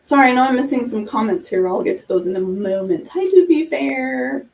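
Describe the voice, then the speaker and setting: A woman's voice: sits high, animated, brisk, gravelly, darkish tone, distant mic, slight background noise, poor audio. A woman hosting a casual podcast, talking through ideas in an earnest, explanatory way with examples. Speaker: podcast host.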